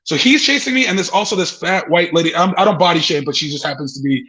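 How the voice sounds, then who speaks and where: High-voiced man telling a wild story. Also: fast talker, bright, forceful tone, slight background noise, poor audio. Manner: swearing, laughing mid-story, acting out voices. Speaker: comedian guest. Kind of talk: animated storytelling.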